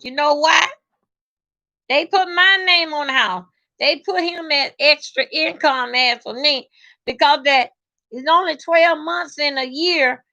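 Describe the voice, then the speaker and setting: A woman telling a personal story in a salty, emphatic, animated way. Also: high-pitched. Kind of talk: casual storytelling vlog.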